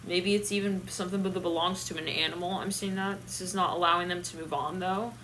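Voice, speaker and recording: A young woman giving a live tarot reading, animated and thinking aloud, with bursts of laughter and swearing. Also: fairly low pitch, brisk, a little hiss or hum. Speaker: tarot reader.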